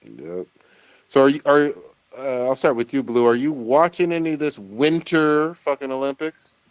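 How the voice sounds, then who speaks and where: A man's voice: medium pitch, normal speed, smooth, dry recording. A man co-hosting a podcast, making emphatic points in casual chat full of swearing. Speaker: podcast co-host.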